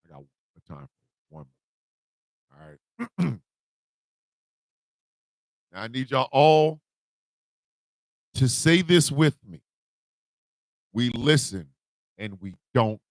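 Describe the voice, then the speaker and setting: A man hosting a morning radio show, telling comic confessions with put-on voices and loud, laughing bursts. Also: fairly high pitch, dry recording. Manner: animated storytelling with put-on voices. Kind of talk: comedic radio monologue.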